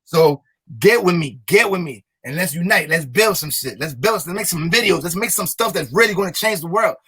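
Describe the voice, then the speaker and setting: Emphatic high-voiced rapper. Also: male voice, lively intonation, a little fast, a bit bright. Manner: emphatic, repetitive, motivational. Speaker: rapper and guest. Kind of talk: casual interview talk.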